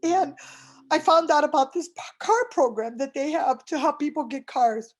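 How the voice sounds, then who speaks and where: A woman's voice: high voice, moderate pace. A middle-aged woman giving an earnest personal testimonial, retelling conversations with fillers and restarts. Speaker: program client giving a testimonial.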